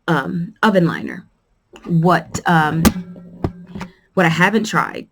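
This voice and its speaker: A woman hosting a quilting channel who gives a casual product review vlog, rambling and chatty with many pauses and fillers, and shows items to the camera as she talks. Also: sits low.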